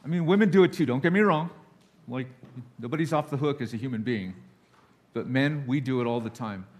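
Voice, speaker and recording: A man speaking from a church pulpit as a guest preacher. He sounds candid and a little nervous, confessional in tone, and he slips into quick acted-out voices for the people in his examples. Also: mid-range voice. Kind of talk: sermon. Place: church sanctuary.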